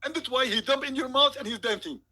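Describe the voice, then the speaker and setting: A man's voice: very high voice, quick pace, sharp tone, pitched above the performer's own voice, exaggerated voice. A man voicing a smug, insistent male preacher on a call, talking emphatically and pompously. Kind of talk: comedic impression.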